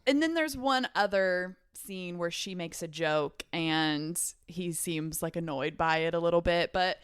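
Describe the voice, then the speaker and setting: A woman's voice: on the low side, measured pace, smooth, no echo, studio quality. A woman co-hosting a podcast, chatting casually and filling her talk with "like". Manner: chatty, lots of "like" fillers. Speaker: podcast co-host. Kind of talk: casual chat.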